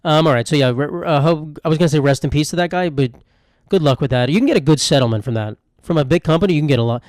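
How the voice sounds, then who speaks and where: A man's voice: a little high, rapid-fire, darkish tone, dry recording, clean studio sound. A young man hosting a solo comedy podcast, rambling through irreverent, self-mocking riffs on news stories. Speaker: podcast host.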